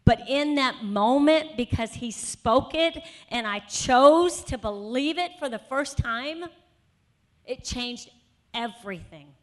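A woman's voice: high-pitched, expressive, slow. A woman speaker at a conference sharing a personal testimony in a sermon, telling her story conversationally with many asides and building to emphatic conviction. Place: conference session.

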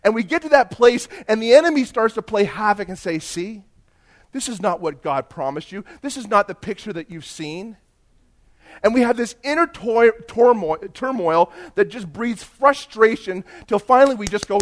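A man preaching a sermon, telling a story and rising into loud emphatic bursts. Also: sits high, animated, normal speed. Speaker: pastor.

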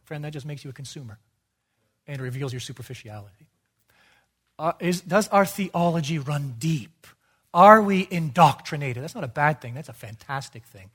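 A man preaching an expository sermon, emphatic, asking rhetorical questions and swinging between quiet and loud delivery. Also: on the high side, animated, normal speed.

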